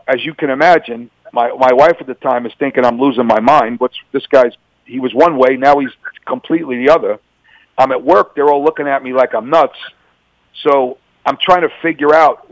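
A man's voice: medium pitch, no room sound, low-quality recording. A middle-aged man, a former police officer, giving personal testimony in an interview and acting out remembered dialogue with energy. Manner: animated, acts out remembered dialogue.

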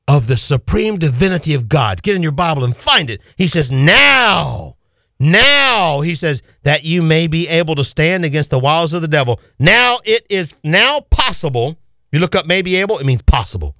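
Fervent high-voiced male preacher. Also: pushed and bright, dry recording, studio quality. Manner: fervent, exhorting, repeats key phrases. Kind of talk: radio sermon.

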